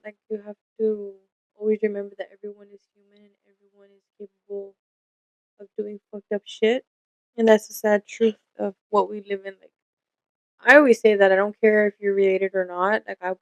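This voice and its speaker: A woman's voice: medium pitch, little pitch movement, fairly quick, no echo, dull audio. A young woman co-hosting a casual podcast, telling stories candidly and swearing freely, acting out the lines of the people in them. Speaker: podcast co-host.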